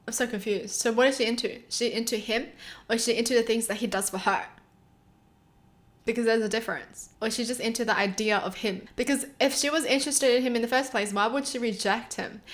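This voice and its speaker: A woman hosting her channel, casually reacting to online stories she reads out, expressive and emotional, often exclaiming and laughing. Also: a little high, fast talker. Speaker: channel host reading and reacting to online posts.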